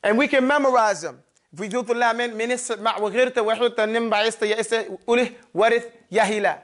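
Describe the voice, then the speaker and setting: A man's voice: very high-pitched, fast talker, a bit bright. Man, teacher, classroom lesson, repetitive drilling, checks understanding often. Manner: repetitive, checks understanding with "okay?" and "you follow me?". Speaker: Arabic grammar teacher. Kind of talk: classroom lesson, explaining at a board.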